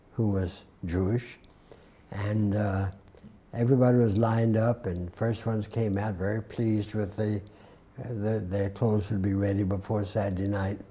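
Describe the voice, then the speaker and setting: A man in his nineties from the US South tells his story in a deep, very mellow voice with a soft Southern accent. He takes his time and keeps a dry, wry humor throughout the interview. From Atlanta, US South. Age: 90s. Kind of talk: recounting a war memory.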